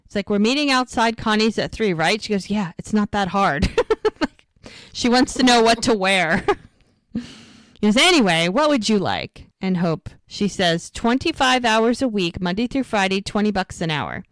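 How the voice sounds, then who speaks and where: A woman co-hosting a rewatch podcast, casually retelling scenes and quoting the characters in quick bursts. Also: medium pitch, no room sound, clean studio sound. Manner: chatty, quotes characters in quick lively bursts. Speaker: podcast co-host recapping episodes.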